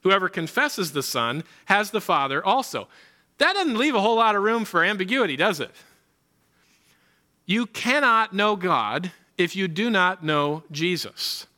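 Man, pastor, sermon, high voice, emphatic, repeats points, rhetorical questions. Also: expressive, a little slow, bright, forceful tone.

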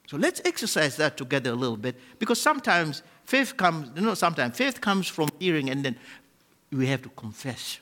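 A male preacher with a high, bright voice that leaps all over the place. He shifts between booming emphatic peaks and quiet, low phrases, and he leads the congregation in call-and-response declarations. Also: big pitch swings, normal speed. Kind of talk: sermon.

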